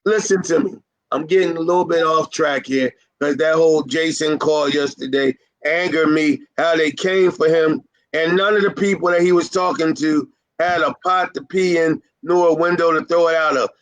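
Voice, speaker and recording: A man with a high-pitched speaking voice gives business advice to carpet cleaners. He talks in a fired-up, emphatic way, repeats his key points and teases his audience. The sound is dry and close, with no room echo. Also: steady tone, normal speed. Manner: emphatic, fired-up and repetitive, teasing his listeners. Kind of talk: informal motivational business talk.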